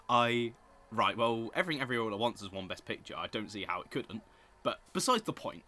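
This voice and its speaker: A young man giving opinionated live reaction commentary on an awards show, excitable and prone to loud outbursts. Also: mid-range voice, fairly quick.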